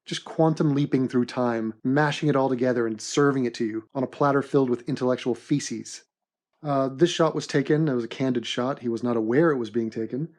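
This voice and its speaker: A man narrates an animated comedy commentary with mock-serious, deadpan sarcasm. His voice sits at an ordinary mid pitch, and he delivers the jokes straight-faced. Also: fairly quick.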